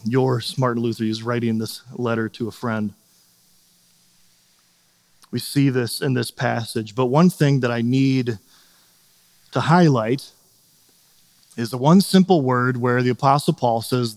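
A man's voice: mid-range voice, moderate pace, darkish tone. A man in his thirties preaching a sermon in a conversational way, often checking in with "right?" and acting out quotes. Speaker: pastor. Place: church sanctuary. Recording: long hall reverb.

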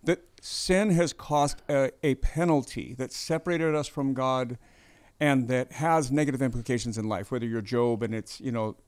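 A man's voice: mid-range voice, moderate pace, darkish tone, clean tone. A man hosting a faith interview in a conversational way, summing things up and checking in with his guest as he goes. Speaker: podcast host, interviewer.

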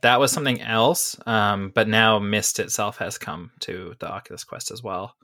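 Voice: medium pitch, moderate pace, sharp tone, no room sound, studio quality. An easygoing co-host in a casual podcast chat, speaking matter-of-factly.

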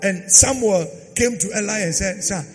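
A pastor preaching a dramatic sermon, swinging from loud sung phrases to quiet asides. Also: male voice, sits high, normal speed. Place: church hall. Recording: long hall reverb with faint music.

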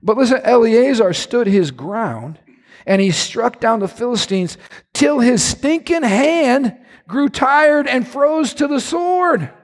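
A male pastor preaching a sermon, swinging between low, quiet asides and loud, shouted lines. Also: expressive, slow, big-room sound.

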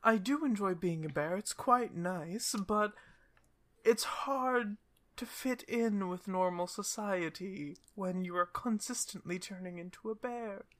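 A woman voicing a sad, gentle cursed young woman who turns into a grizzly bear, with a soft, breathy, higher voice. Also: unhurried, close to an everyday voice. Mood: wistful. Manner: wistful and polite.

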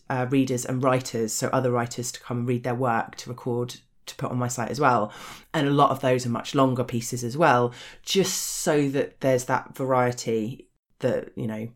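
A woman with a posh English accent, chatting frankly as an interview guest, swearing freely and laughing often. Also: extremely low pitch. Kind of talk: casual interview chat.

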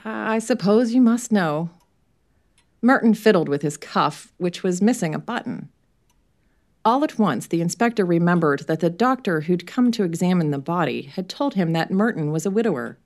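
Woman narrator, lowish voice, steady measured storybook reading.

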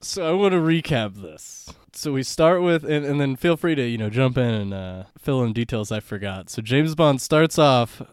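A man's voice: mid-range voice, expressive, moderate pace, few pauses, smooth, no echo, studio quality. A man co-hosting a podcast, recapping a plot in casual chat and laughing often. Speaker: podcast co-host.

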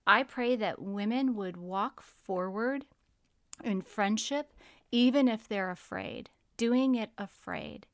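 In clean studio audio without any room sound, a middle-aged woman with a mid-range voice co-hosts a faith podcast. Her delivery is slow, warm, and earnest as she chats casually, tells stories, and offers spoken prayer.

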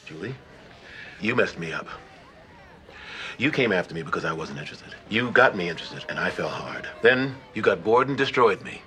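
A hurt, earnest man finally standing up to the ex who broke him. He has a lower voice with a bright edge and swings widely in pitch. A TV comedy scene. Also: animated, normal speed, a little hiss or hum. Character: wounded grown man confronting his ex, resolved.

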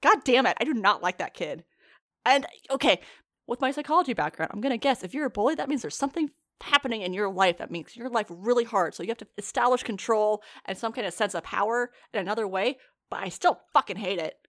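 A woman from the United States in casual podcast chat, animated, laughing often and swearing freely as she recaps a show. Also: medium pitch, fast talker. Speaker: podcast co-host reacting to an anime.

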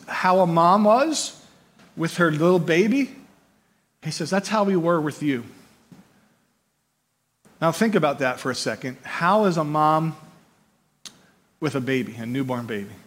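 A man preaching a conversational sermon, animated and often checking in with his listeners by asking "right?", repeating words as he builds his points. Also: a little high, a little slow, pauses often. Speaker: pastor.

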